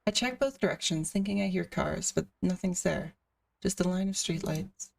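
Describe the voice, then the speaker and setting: A woman's voice: fairly low pitch, moderate pace, vocal fry, far from the mic. A woman streamer reading a visual novel aloud, with casual asides between the narration.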